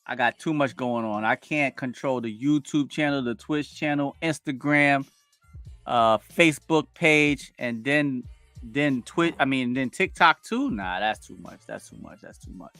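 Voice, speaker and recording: In his forties, a man with a mid-range voice runs a casual livestream at a measured pace, with soft music underneath and no room sound. He greets viewers by name, reads their comments aloud, and hypes them up with lots of energy. He's on a home streaming setup with a wired connection.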